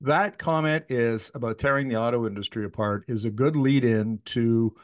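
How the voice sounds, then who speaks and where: A man's voice: mid-range voice, normal speed. A man in his sixties interviewing a guest in a chatty, anecdotal way, often restarting his sentences. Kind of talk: conversational interview.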